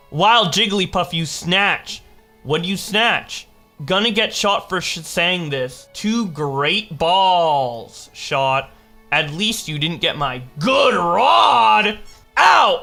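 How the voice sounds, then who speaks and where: A young man with a fairly high, bright and forceful voice reads chat logs aloud for a commentary video. He delivers them mockingly and jumps into quick exaggerated voices for the quoted lines. Faint music plays underneath. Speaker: commentary host.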